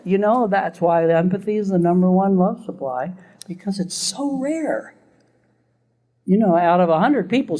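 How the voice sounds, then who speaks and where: A man's voice: sits high, a little mellow. An older man giving a recorded classroom lecture in a conversational way, chuckling often.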